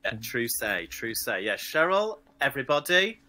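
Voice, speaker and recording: Een heldere, sprankelende mannelijke gast. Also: male voice, mid-range voice, normal speed. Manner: animated, bubbly, laughs readily. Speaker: podcast guest, drag performer. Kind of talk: casual podcast chat.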